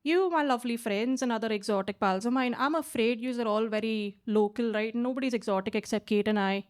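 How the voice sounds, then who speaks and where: Brisk and a little high-voiced, a late-twenties woman from India with a twang performs chatty stand-up into a club stage mic. She keeps tagging her lines with "right?" in a basement comedy club.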